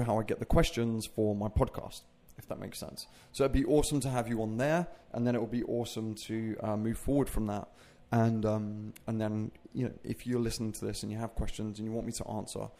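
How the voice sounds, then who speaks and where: A man's voice: medium pitch, gravelly, warm tone. A man hosting his own fitness podcast, chatting casually in a rambling way with self-mocking jokes. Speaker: podcast host and fitness coach. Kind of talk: casual solo podcast chat.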